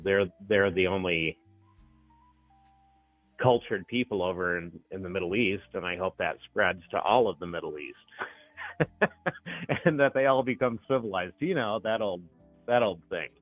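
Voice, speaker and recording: A man's voice: deep voice, no echo. Chatty middle-aged man on a tinny phone line. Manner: chatty, animated storyteller, laughs easily. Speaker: caller. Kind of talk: casual phone call-in chat.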